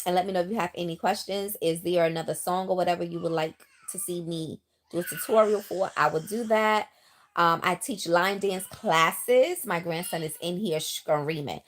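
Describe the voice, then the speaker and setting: A woman's voice: lowish voice, moderate pace. An older woman, chatting on a live stream, reading out viewer comments with lots of ums. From New York City. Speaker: live streamer, line dance teacher. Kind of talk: casual live-stream chat. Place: home in South Carolina. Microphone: phone or handheld mic.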